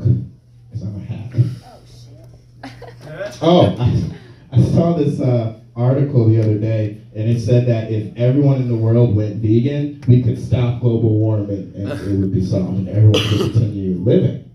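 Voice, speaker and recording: A man's voice: on the low side, measured pace, long pauses, slight background noise. A male stand-up comedian working a small crowd, loose and laughing, slipping into mock voices. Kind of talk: stand-up set with crowd work. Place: small comedy venue with audience. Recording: far-off echoey room, dull lo-fi sound.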